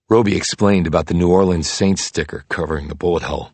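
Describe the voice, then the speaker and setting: A man narrating a crime thriller audiobook in a steady, measured read. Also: deep voice, no room sound. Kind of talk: scripted narration.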